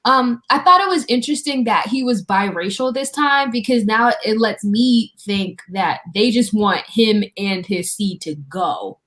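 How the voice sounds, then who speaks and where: A woman's voice: fairly high pitch, a little slow, hardly any pauses, a bit bright. A woman talking frankly in a casual group discussion over a video call, swearing freely. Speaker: panelist.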